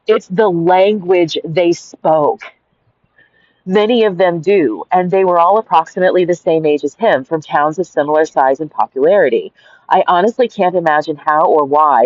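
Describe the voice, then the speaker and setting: Her voice sits low with a darkish tone as she reads an anecdote of her own, repeatedly breaking off into rambling, giggling digressions full of "like" and "right?" It's a dry, dull lo-fi home recording.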